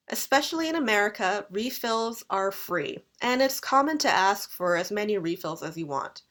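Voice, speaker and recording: A young Canadian woman lecturing on everyday English, her voice sitting at an ordinary middle pitch. She speaks clearly and repeats practice phrases with deliberately exaggerated rises and falls, like a teacher modeling pronunciation for a class. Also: lively intonation, fairly bright tone.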